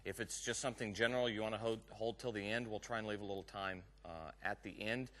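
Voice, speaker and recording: A man's voice: fairly low pitch, steady tone, quick pace, fairly bright tone. A man from Texas with a Southern accent gives a live technical conference talk, chatty and joking with the audience in the room. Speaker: conference speaker.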